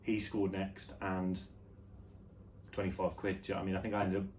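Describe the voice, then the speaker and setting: A young British man vlogging in a low-energy, offhand, musing way, rambling through casual chat. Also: monotone, fairly quick, a little mellow. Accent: British English. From United Kingdom. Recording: slightly distant mic with faint background noise.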